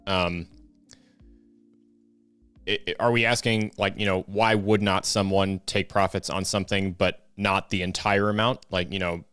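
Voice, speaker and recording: A man's voice: sits low, steady tone, a little slow, a bit bright, clear, resonant tone, no echo, soft background music. A man co-hosting a casual live-stream show, telling stories with lots of fillers and restarts. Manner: rambling storyteller, many fillers and restarts. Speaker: co-host.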